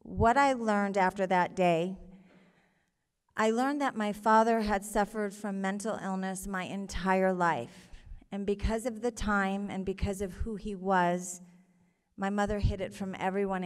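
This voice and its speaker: A woman telling her own story live on stage before an audience, earnest and halting, with emotion in her voice. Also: mid-range voice, clear, resonant tone, in a large hall.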